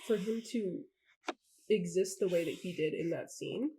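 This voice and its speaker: A lower-pitched woman talks through a fan theory in a relaxed book chat, filling her sentences with "like" as she thinks aloud. A light hiss sits faintly under her voice. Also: measured pace, poor audio. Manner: chatty, theorizing, lots of "like". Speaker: book podcast co-host. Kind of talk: casual book discussion.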